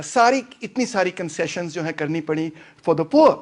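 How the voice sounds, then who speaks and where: A man talks through history in a loose, lecturing way, dry and sarcastic. His voice sits high and the words come quickly, mixing English with Hindi-Urdu. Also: expressive. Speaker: lecturer on a book. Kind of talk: casual talk lecture.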